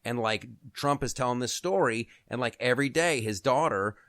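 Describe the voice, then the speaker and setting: A man's voice: mid-range voice, moderate pace, no room sound, clean studio sound. A middle-aged man hosting a radio show, telling a story in casual political chat and acting out the quoted people. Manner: animated storyteller, acts out quotes. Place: radio studio.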